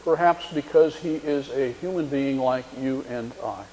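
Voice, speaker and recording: A pastor with a medium-pitched, dark-toned voice preaches at a moderate pace, with slight background noise and the long reverb of a large hall. He retells a story, acting out its quoted lines in shifting voices.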